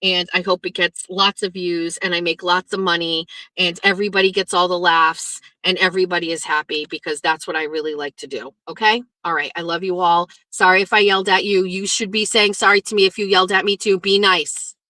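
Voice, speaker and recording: A woman's voice: lowish voice, steady tone, fairly quick, few pauses, pushed and bright, no room sound. A middle-aged woman hosting a casual livestream, talking bluntly with plenty of swearing as she rants and reads viewer comments. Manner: blunt and profane, ranting then chatty. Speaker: livestream host.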